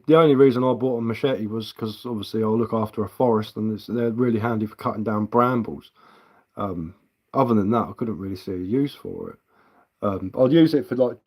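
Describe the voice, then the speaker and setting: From his home indoors, an English woodcarver hosts a casual livestream, answering viewers while rambling bluntly and swearing offhandedly. His voice is medium-pitched with a darkish tone.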